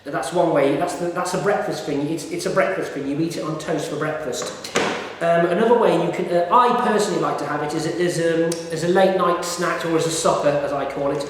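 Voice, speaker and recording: A man's voice: a little high, a little fast, slight background noise. Chatty man, echoey room. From United Kingdom. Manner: rambling, chatty, many fillers and restarts. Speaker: food reviewer. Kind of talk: casual vlog talk. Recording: echoey room with long reverb.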